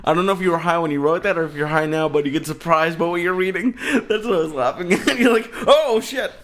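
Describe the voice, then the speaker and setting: A man with a fairly high voice co-hosts a casual podcast. He talks fast and rambles, trailing off and restarting his sentences. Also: fairly bright tone. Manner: hesitant, rambling with fillers. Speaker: podcast co-host.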